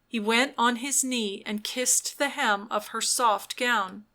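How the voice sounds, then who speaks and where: A woman narrating an audiobook in a measured, unhurried way. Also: fairly high pitch, pushed and bright. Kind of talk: scripted narration.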